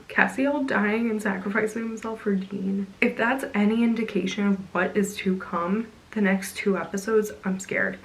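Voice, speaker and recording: A woman's voice: mid-range voice, steady tone, moderate pace, gravelly, hardly any pauses, a bit bright, low-quality recording. A young woman talks straight to her viewers in a loose, chatty vlog voice. She gushes and gets emotional, and she fills her sentences with "like" and "you know.". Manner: gushing, emotional, chatty with many "like" fillers. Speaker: vlogger. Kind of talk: casual chat.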